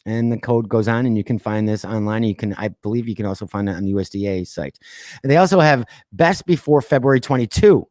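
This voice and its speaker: A man hosting a podcast, reading odd news stories aloud and breaking off into sarcastic asides, laughs and deliberate quiet pauses. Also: lowish voice, no echo, studio quality. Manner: reads news items then riffs with sarcastic asides and laughs; drops to quiet voice for dramatic pauses. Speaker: podcast host. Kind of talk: casual news commentary.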